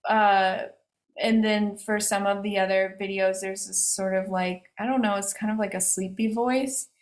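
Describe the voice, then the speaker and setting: A woman's voice: medium pitch, steady tone, normal speed. A woman artist answering questions over a video call, talking casually and hesitantly with many fillers and restarts. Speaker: artist discussing her exhibition. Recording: roomy echo on a video call.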